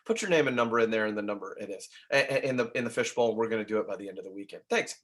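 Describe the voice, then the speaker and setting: Animated man teaching a sales class. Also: on the low side, very fast, few pauses. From Nashville. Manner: conversational, animated, keeps asking "right?". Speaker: real estate trainer. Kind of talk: training talk to agents.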